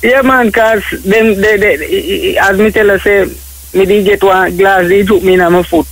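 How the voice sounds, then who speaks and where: A man's voice: high voice, moderate pace, creaky, a bit bright. A man with a Jamaican accent calling in to a radio show, stammering and repeating his words insistently. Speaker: radio caller. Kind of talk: phone-in radio chat.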